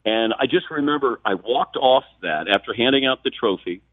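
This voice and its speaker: Sportscaster guest from Ohio, phone-in, animated storyteller; tinny line, no room sound. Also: male voice, mid-range voice, normal speed, dry recording. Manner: animated storyteller, acts out quotes. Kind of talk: phone-in radio interview, storytelling.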